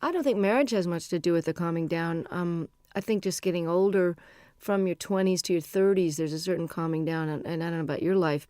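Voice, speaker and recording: A woman's voice: low-pitched, a little mellow, no room sound, studio quality. A middle-aged woman musician being interviewed, talking in a chatty, rambling, frank way. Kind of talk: casual interview chat.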